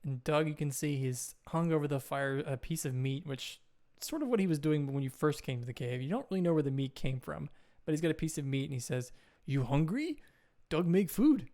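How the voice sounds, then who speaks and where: Easygoing male game master, slightly high voice. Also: a little fast, a little mellow. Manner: easygoing descriptive narration. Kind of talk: narrating a tabletop game.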